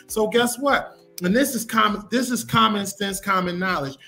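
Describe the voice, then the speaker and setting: A man's voice: high voice, moderate pace, bright, forceful tone, soft background music. A man making his point emphatically in casual podcast talk. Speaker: podcast co-host.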